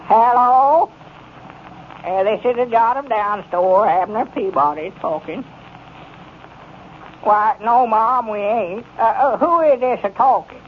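An actor playing a worried, simple-hearted country storekeeper with a rural Arkansas accent, talking in a halting, fretful drawl. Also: male voice, high-pitched. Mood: on the phone. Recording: muffled 1930s radio broadcast with faint hiss.

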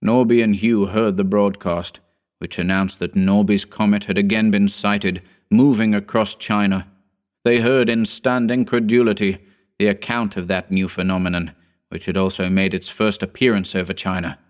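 A man narrating a pulp science-fiction story as an audiobook, in a measured, dramatic telling. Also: fairly low pitch, fairly even intonation.

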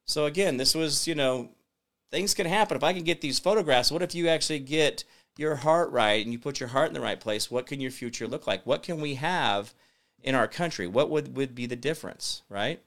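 A man's voice: mid-range voice, fairly quick, fairly bright tone. A man hosting a talk show, rambling in a folksy, preachy monologue to his viewers. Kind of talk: casual livestream monologue.

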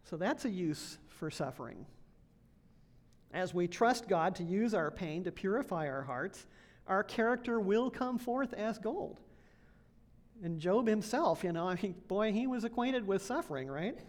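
A woman's voice: medium pitch, animated, unhurried. A woman, an associate pastor, preaching a conversational sermon in a church, laughing now and then and checking in with the congregation. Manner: conversational, laughs often, asks congregation questions.

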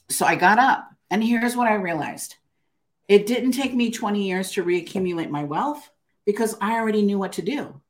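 A woman's voice: mid-range voice, moderate pace. An older woman, an author and interview guest, telling her story in a casual, emphatic way and often tagging her sentences with "right?". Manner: emphatic, keeps adding "right?".

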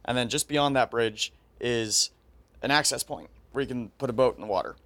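A man's voice: mid-range voice, expressive, brisk, a bit bright, dry recording. A man telling a story to friends in casual chat, laying out the details step by step. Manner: methodical, sets out details step by step.

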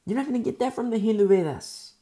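A middle-aged woman teaching a Bible study sermon in an informal, conversational way. She repeats key phrases and stammers when she gets excited. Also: on the high side, quick pace.

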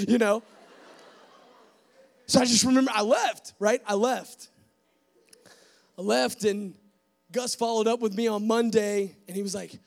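A young man giving a church testimony to a live audience, animated and full of fillers, acting out bits of dialogue. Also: sits high, measured pace, creaky, long pauses. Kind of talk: sermon testimony storytelling.

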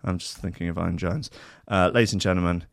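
A man's voice: low-pitched, steady tone, fast talker, creaky, dry recording, studio quality. A man hosting a casual streamed podcast, rambling and sweary, with a mocking manner. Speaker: podcast host. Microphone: headphones and desk mic.

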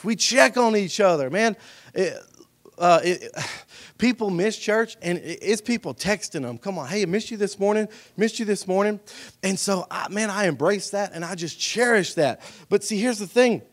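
A preacher with a fairly high voice delivers a sermon in a church, dropping low and soft before bursting into shouted emphasis. His pitch leaps around, and he keeps calling out to the congregation, pulling them in for a response. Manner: swings from hushed and intimate to shouted emphasis, calls for response. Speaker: pastor. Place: church sanctuary.

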